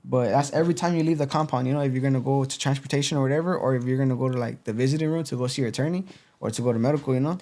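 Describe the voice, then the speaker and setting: A young man tells his story as a guest in a casual interview. He talks quickly in street slang, dropping "you know" and "boom" between every beat, at a middling pitch for a man. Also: warm tone. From East Los Angeles.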